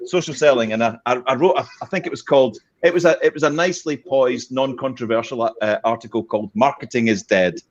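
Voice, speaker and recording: A man's voice: medium pitch, fast talker, hardly any pauses. Man telling stories, dull sound. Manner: animated storyteller, laughs often. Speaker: panel guest. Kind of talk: casual chat.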